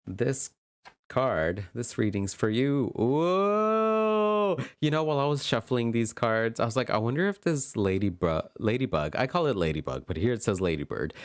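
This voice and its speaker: Guy doing a pick-a-card tarot reading, tearful and emotional, smooth clear voice. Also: on the low side, dry recording, clean studio sound. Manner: gentle, affirming, emotional. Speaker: tarot reader.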